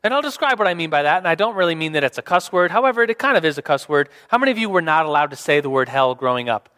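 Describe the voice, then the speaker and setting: A man's voice: fairly high pitch, animated, racing, pushed and bright. A young man preaching a sermon in a casual, rambling way, full of fillers and restarts. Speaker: pastor. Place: church hall. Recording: reverberant hall.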